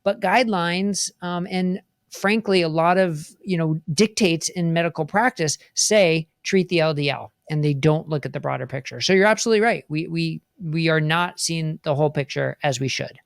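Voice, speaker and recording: A man's voice: a little high, normal speed, gravelly, hardly any pauses, dry recording, clean studio sound. A man who is a cardiologist, speaking as a guest on a podcast and explaining earnestly. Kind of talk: interview explanation.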